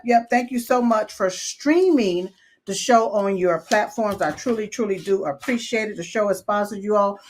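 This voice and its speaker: A woman hosting a live talk show, energetic and repetitive, full of "yes, yes" and "you all.". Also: mid-range voice. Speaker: show host. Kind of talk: live talk show opening and sponsor reads.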